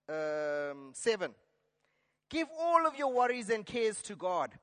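A man's voice: high voice, a bit bright. A man preaching a sermon, earnest and exhorting, now and then restarting a phrase. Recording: long hall reverb.

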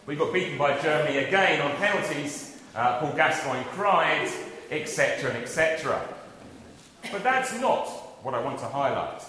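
A man preaches in a church, his voice rising and falling as he tells a story at his own expense. The sound is very echoey, with a long ringing reverb from the large room. His voice sits a touch high for a man. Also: moderate pace. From South London, England. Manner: animated, self-deprecating storyteller. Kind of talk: sermon with personal storytelling.

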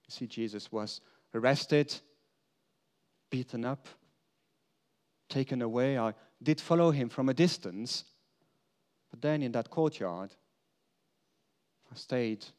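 Slow, earnest man preaching in monologue. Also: medium pitch. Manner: earnest storytelling, swinging between emphatic lines and hushed confession. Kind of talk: first-person dramatic monologue as an apostle.

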